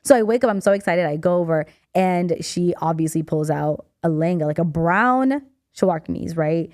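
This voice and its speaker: A young woman co-hosting a podcast in a studio, telling a story in a lively way, acting out voices and laughing often. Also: lowish voice, moderate pace, no echo. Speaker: podcast co-host. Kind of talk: casual chat.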